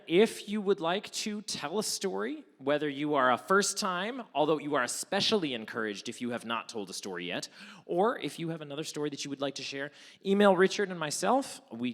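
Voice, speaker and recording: A man's voice: a little high, fairly bright tone. A man hosting a live storytelling event, giving thankful and slightly rambling closing remarks. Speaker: event host. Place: church hall with audience. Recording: long hall reverb.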